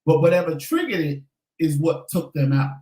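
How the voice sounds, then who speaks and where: A man co-hosting a casual chat, telling stories in a sassy, animated way. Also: on the high side, normal speed, far from the mic. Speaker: co-host. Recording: echoey room, away from the mic.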